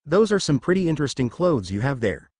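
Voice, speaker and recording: A man's voice: a little high, big pitch swings, a little fast, a little mellow, no room sound, clean studio sound. A man voicing a pushy, snobbish older traveling merchant with a British accent in a storybook reading.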